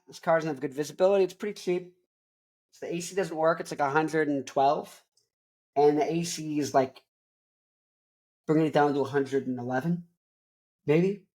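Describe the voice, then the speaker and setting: A man's voice: fairly high pitch, darkish tone. A man in his twenties hosting a show, talking casually in a rambling, tangent-prone way. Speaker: host. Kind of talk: casual chat.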